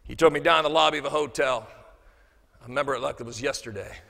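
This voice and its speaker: Lively, bright-voiced man telling stories on stage. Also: medium pitch, fast, creaky. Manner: animated, acts out quoted dialogue. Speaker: motivational speaker. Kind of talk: humorous keynote storytelling. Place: banquet hall. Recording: reverberant hall.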